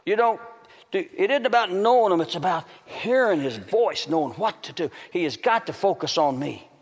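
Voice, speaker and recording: A man's voice: high-pitched, expressive, moderate pace, husky. Preacher man in a big echoing hall. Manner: swings between loud calls and hushed pleading. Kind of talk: sermon. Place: large hall with an audience. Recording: reverberant hall.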